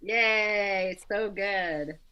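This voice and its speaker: A woman's voice: mid-range voice, drawn-out words, bright, forceful tone, smooth, dull audio. A woman, an author moderating a conversation, talking casually in an effusive, giggly way.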